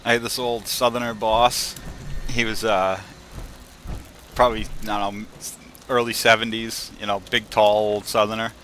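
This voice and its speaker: Bright-voiced man chatting while gaming. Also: on the low side, level tone, moderate pace, pauses often, a little hiss or hum. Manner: rambling, chatty, laughs while telling stories. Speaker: gaming streamer. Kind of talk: casual gameplay commentary.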